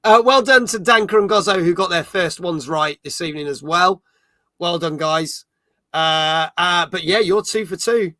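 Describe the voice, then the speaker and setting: A middle-aged man hosts a casual gaming stream like a podcast host, chatting jokily and reading viewer comments aloud. His voice is high and pushed-bright, with a measured pace. The recording is studio quality with no echo.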